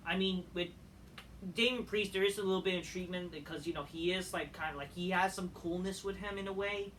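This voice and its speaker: A crude, scornful voice rants through a wrestling recap, swearing almost every line. The tone is bright and edgy. It sits back from the mic with a faint hiss of noise underneath. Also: mid-range voice, a little fast, far from the mic. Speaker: wrestling show reviewer. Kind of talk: profane ranting recap.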